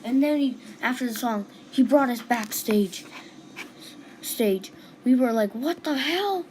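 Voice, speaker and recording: A woman's voice: a little high, unhurried, darkish tone, a little hiss or hum, poor audio. A woman casually retelling a dream, rambling and restarting with lots of "and then", on a home recording. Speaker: storyteller.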